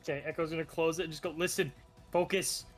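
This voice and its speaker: A young man playing a superhero tabletop game, calm and matter-of-fact. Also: fairly high pitch, very fast, faint music behind. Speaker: player. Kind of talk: casual tabletop game chat.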